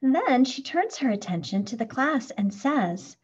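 Woman reading a children's story, lilting and breathy, slow, muffled lo-fi recording. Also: high voice, sing-song, darkish tone. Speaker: reader. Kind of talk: children's picture book read-aloud.

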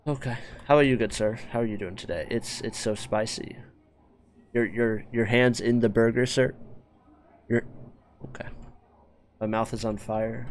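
A man's voice: medium pitch, fairly even intonation, moderate pace, pauses often, a little hiss or hum. Man giving casual game commentary. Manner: chatty, jokey, talks to game characters. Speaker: gaming YouTuber. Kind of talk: casual let's-play commentary. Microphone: desk microphone.

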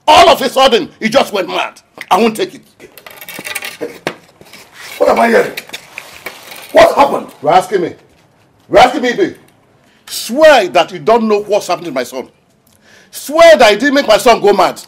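A man's voice: high voice, breathy edge, heavily acted. A furious grieving Nigerian father. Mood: grief-stricken rage. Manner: accusing, shouting and repeating himself.

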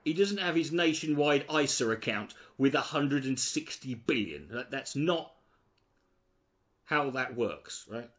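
A man's voice: medium pitch, expressive, a little slow, fairly bright tone. A man giving sweary, mocking reaction commentary on a video. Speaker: commentary host.

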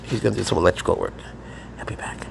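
Gravelly guy vlogging his pets, mumbles then goes all squeaky baby talk, bit of hiss behind. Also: quick pace. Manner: shifts from mumbled asides to high excited baby talk with pets. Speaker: pet vlogger. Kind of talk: casual handheld vlog narration.

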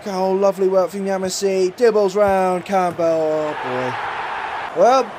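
A young man commentates on his own football game in a high, bright voice, flipping between play-by-play and exasperated mild swearing. His recording carries a steady, clearly audible background noise. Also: slow pace. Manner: swings between mock commentary and frustrated outbursts, swears mildly. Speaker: gaming YouTuber. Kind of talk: excited gameplay commentary.

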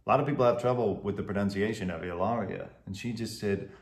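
A man's voice: on the low side, fast. Opinionated man in an echoey room. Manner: opinionated, explains at length. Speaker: podcast co-host. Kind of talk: casual chat.

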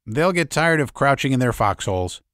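A man voicing a grim, weary male fighter who speaks bluntly and matter-of-factly, a bit higher than the narration. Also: very animated, moderate pace, a bit bright, dry recording, studio quality. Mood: grimly certain.

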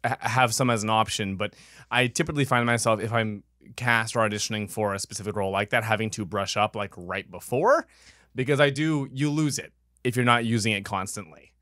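A man who acts, guesting on a podcast, talking in a relaxed, thoughtful way with small laughs. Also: on the low side, a little fast, dry recording, studio quality. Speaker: actor and guest. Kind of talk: casual interview chat.

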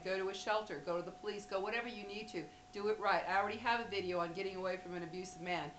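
A woman's voice: medium pitch, a bit bright, roomy sound, slight background noise, poor audio. A woman vlogger talking straight to camera, blunt and emphatic, speaking directly to women viewers. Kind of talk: direct-to-camera advice talk.

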